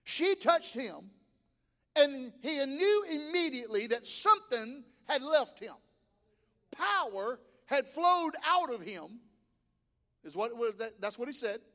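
High-voiced preacher man in a reverberant hall. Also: big pitch swings, takes it slowly, pushed and bright. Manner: emphatic preaching with sudden rises and drops in pitch and volume. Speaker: pastor. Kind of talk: sermon. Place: church sanctuary.

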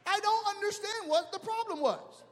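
A man pastor preaching a sermon with humor, sometimes shouting at the peaks. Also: extremely high pitch, normal speed, in a large hall.

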